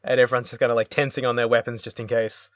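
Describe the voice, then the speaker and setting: A podcast co-host chatting casually about a video game, with a wry, playfully mocking manner and quick acted-out quotes. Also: mid-range voice, little pitch movement, no room sound, studio quality.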